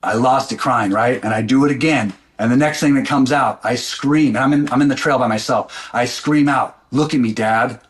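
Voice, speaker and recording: A man's voice: medium pitch, normal speed, few pauses. A middle-aged man, a podcast guest, telling a personal story in an intense, blunt way and swearing freely.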